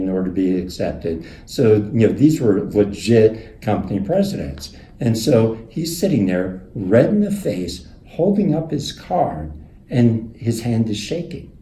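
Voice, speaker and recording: A male instructor gives a recorded lesson on leadership, chatty and animated. His low, mellow voice rises and falls a lot. A roomy echo hangs on every word. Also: normal speed, slight background noise. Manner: animated, conversational, acts out quotes. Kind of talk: recorded lecture with storytelling. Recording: echoey room.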